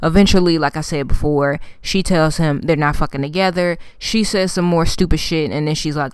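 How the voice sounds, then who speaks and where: Female vlogger, profane animated recap; low, smooth tone. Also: moderate pace, hardly any pauses, dry recording, studio quality. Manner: animated storytelling, heavy swearing, slangy. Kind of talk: casual profane TV episode recap.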